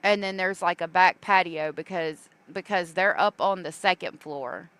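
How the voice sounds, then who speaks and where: Female stream host, casual and rambling, smooth lower-pitched voice. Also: moderate pace, fairly bright tone, no echo. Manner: chatty, reads viewer comments aloud, many fillers. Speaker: true crime livestream host. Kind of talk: casual livestream commentary.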